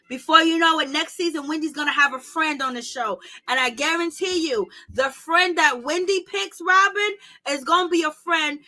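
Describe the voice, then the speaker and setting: A woman recapping a reality show in casual, slangy talk, animated and gossipy, laughing often. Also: high voice, moderate pace. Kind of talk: casual commentary.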